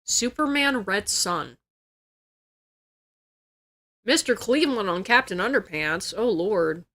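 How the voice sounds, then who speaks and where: A woman's voice: mid-range voice, expressive, slow, fairly bright tone. Casual swearing woman streamer. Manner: swears freely, exclaims in disbelief. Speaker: livestreamer. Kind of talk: casual chat.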